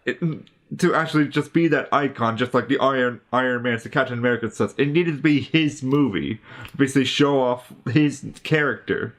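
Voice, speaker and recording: A man's voice: medium pitch, a little fast, fairly bright tone. A man co-hosting a casual movie review, laughing often and adding dry asides. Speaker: co-host of a movie review show.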